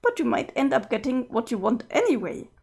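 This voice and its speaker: A woman's voice: a little high, very animated, fairly quick, gravelly, darkish tone, slightly rough, full character voice. A woman reading a webcomic aloud, voicing a guilty young woman who apologizes and then pleads with her weeping other self. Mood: coaxing.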